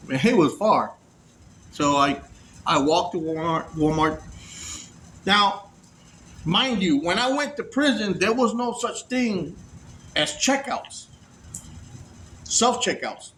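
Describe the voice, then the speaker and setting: A man with a fairly high voice tells a story casually, animated and full of swearing. He acts out the voices of the people he met. Faint room ambience sits behind him. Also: unhurried, pauses often, a little hiss or hum. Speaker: storyteller recounting prison release.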